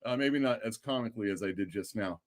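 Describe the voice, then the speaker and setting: A man's voice: fairly low pitch, quick pace. A man hosting a casual live stream, telling a story and acting out the people in it. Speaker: host.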